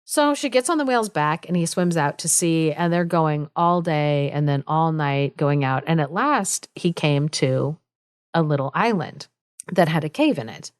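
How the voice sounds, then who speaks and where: A woman's voice: low-pitched, lively intonation, normal speed, clean tone, dry recording, clean studio sound. Chatty woman retelling a fairy tale. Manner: chatty, full of "like" and asides, laughs often. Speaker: podcast co-host. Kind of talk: casual storytelling chat.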